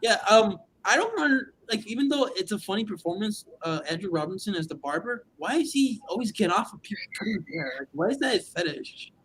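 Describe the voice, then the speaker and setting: A man co-hosting a casual movie podcast, chatting excitedly with quick asides. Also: sits high, slight background noise, poor audio. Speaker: podcast co-host.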